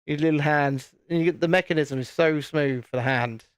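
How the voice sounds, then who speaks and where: A man's voice: on the high side, fairly quick, clear, resonant tone, no room sound. Chatty man with a dry voice. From United Kingdom. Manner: rambling, self-interrupting, chatty. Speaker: live-stream host. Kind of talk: casual chat while building a set.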